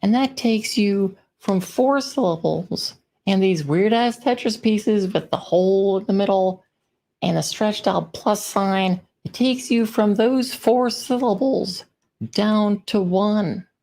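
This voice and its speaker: A woman speaking at an unhurried pace, taking her time over each point. She gives a friendly, informal conference talk with example sentences. Her pitch sits in the middle of the range. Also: dark tone. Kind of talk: presentation talk on writing.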